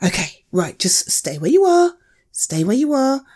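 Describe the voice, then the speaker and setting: A woman voicing a caring young woman who calmly reassures a frightened friend in an audio role-play, repeating gentle soothing words. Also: high-pitched, measured pace, full character voice. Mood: reassuring.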